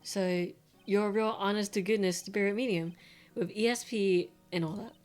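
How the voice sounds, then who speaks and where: A woman's voice: medium pitch, fairly even intonation, normal speed, darkish tone, faint music behind, natural voice. A woman reading game lines aloud as an earnest young male defense lawyer, hesitant and stumbling over words. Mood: curious.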